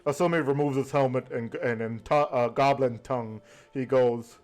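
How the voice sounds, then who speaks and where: A man's voice: mid-range voice, moderate pace, darkish tone, faint music behind. A man narrating a tabletop game as game master, in a casual, hesitant way with lots of fillers.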